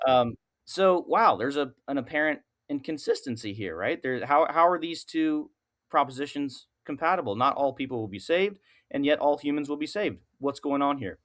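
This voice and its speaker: A man is talking on a podcast and explaining a line of reasoning at length. His pitch sits in the middle range for a man. He fills his pauses and keeps tagging his points with quick "right?" questions. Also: animated, fairly bright tone. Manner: thinking aloud with many fillers and "right?" tag questions. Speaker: podcast guest. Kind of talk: explaining a philosophical argument.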